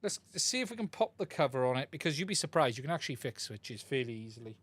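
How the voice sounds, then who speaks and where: A man's voice: mid-range voice, big pitch swings, fast, fairly bright tone, breathy edge, no room sound. Man chatting through a live repair. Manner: chatty, thinks aloud while working. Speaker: streamer repairing a radio controller. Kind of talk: live-stream repair chat. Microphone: desk mic, swaps mics during the stream.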